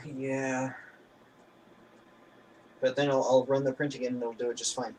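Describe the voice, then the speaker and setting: A man co-hosting a stream in casual chat, easygoing and hesitant, filling pauses with "uh". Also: mid-range voice, little pitch movement, darkish tone, a little hiss or hum, low-quality recording.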